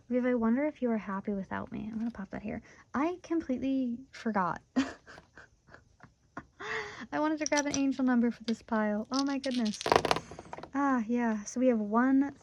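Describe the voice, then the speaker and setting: Young woman tarot reader, giggly and excitable, casual direct-to-viewer chat, slightly muffled home recording. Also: on the high side, a little hiss or hum. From Michigan, USA. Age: 20s. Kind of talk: casual tarot reading monologue.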